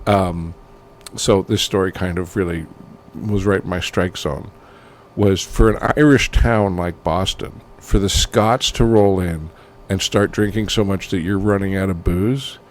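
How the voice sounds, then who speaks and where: A man's voice: sits low, fairly even intonation, a little slow, a little hiss or hum. A man co-hosting a casual comedy podcast, rambling and irreverent, swearing freely. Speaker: podcast co-host.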